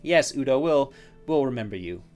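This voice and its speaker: A man's voice: mid-range voice, expressive, normal speed, a little mellow, close to an everyday voice. A sly female elf from a tabletop fantasy game who answers with teasing, mocking remarks, as the game's male narrator puts her on. The voice stays in a middling register over faint guitar.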